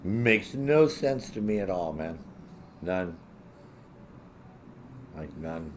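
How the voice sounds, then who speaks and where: A man's voice: sits low, extremely slow, background noise. A man streaming and ranting casually to his viewers, swearing heavily and sounding indignant. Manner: profane, heavy swearing; animated, indignant.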